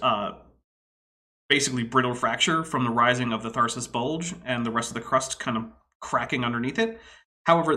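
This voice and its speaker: Bright-voiced man explaining geology casually. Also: medium pitch. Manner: rambling, knowledgeable, filler-heavy. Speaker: co-host reacting to a video. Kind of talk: casual commentary. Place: home room.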